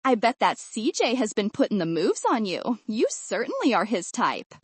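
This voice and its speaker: A woman's voice: on the high side, very animated, moderate pace, husky, no room sound. A woman doing a brash Southern belle. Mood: syrupy.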